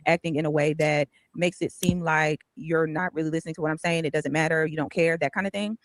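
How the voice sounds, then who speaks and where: A woman who is a guest on a call explains her view in a thoughtful, articulate way. She speaks briskly. The sound is dry and close. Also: low-pitched, fairly even intonation, no echo. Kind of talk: casual chat.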